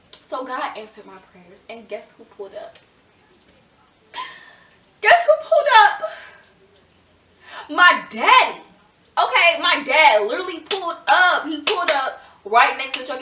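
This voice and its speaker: A young woman telling a storytime vlog in a chatty, animated way, full of fillers. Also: sits high, normal speed, a little hiss or hum. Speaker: vlogger. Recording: echoey room, a little far from mic.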